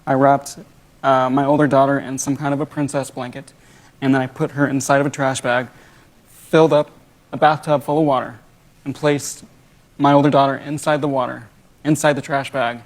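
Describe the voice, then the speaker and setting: A man, a father and talk show guest, answering with short polite denials and a calm account. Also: mid-range voice, moderate pace. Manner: terse, flat, polite "No, sir". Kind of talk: short denials under questioning.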